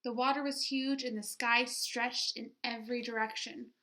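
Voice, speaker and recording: A woman teacher reading a children's picture book aloud with expression, pausing to ask her listeners questions. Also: on the high side, fairly even intonation, a bit bright.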